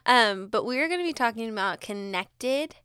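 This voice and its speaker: A woman's voice: a little high, animated, moderate pace, a bit bright, clean tone, dry recording, studio quality. Giggly young woman co-hosting a podcast. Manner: giggly, trails off into filler words. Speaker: podcast co-host. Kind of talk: casual chat.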